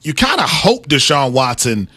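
Dry, lively-voiced man talking football. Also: fairly high pitch, dry recording. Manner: conversational, self-deprecating, quick to laugh. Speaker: sports analyst co-host. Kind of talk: casual sports talk.

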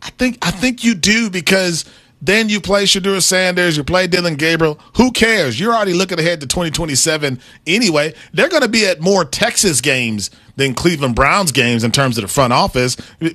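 A man's voice: fairly high pitch, expressive, pushed and bright, dry recording. A man co-hosting a sports talk show, chatting casually and laughing at himself as he breaks down football games. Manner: conversational, self-deprecating, quick to laugh. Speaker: sports analyst co-host.

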